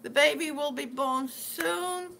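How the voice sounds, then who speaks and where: Woman live-streamer: high, bright, unhurried, affectionate chatter, with faint room noise behind her. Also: gravelly. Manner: chatty and affectionate, calls viewers sweetie. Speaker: vlogger reading live chat. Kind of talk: casual live-stream chat.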